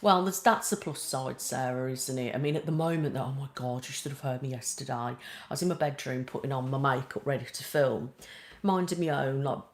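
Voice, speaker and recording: Low-voiced chatty British woman. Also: brisk, a little mellow, slight background noise. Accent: British English. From Britain. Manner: chatty and rambling, with lots of "like" and "um". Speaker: ASMR live streamer. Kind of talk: casual chat with live viewers. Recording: roomy echo.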